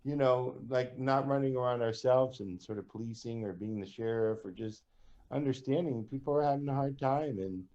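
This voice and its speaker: A man's voice: mid-range voice, normal speed, a little mellow, dull audio. A man co-hosting a podcast, musing in an easygoing, rambling way. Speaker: podcast co-host. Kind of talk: casual chat.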